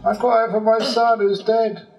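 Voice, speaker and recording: A man's voice: high voice, level tone, unhurried, a little mellow, pitched above the performer's own voice. A man voicing a grief-stricken wealthy father who weeps and pleads, recorded in a roomy hall from a distance. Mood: exasperated. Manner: wailing, pleading.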